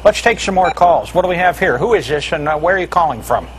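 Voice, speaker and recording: A man hosting a comedic call-in show in a deadpan, pompous showman manner. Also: a little high, fast talker, a little hiss or hum, poor audio. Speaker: host.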